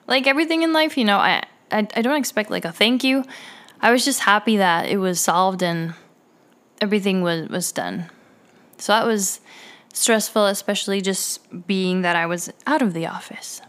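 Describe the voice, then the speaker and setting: A woman's voice: medium pitch, a bit bright. Woman rambling thru her work stories, lots of likes and restarts, medium voice. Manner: rambling, with frequent fillers and restarts. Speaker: dialysis clinic staff member. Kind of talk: casual personal storytelling.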